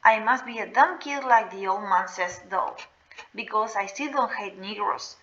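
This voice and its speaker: A woman's voice: mid-range voice, moderate pace, a bit bright, dull audio, a little hiss or hum, natural voice. A woman reading the lines of a teenage boy telling a painful story in a subdued, weary way.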